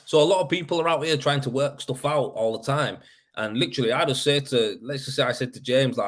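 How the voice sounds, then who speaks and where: A man's voice: medium pitch, quick pace. A man hosting a casual live show, talking loosely and swearing. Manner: swearing, mate-heavy and chatty. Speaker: podcast host. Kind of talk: casual live-stream chat.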